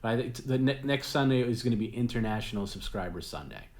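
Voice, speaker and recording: A man's voice: medium pitch, animated, fast talker, a little mellow. A man hosting a late-night stream, chatting casually in a rambling way, often repeating his words and laughing at his own jokes. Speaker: host.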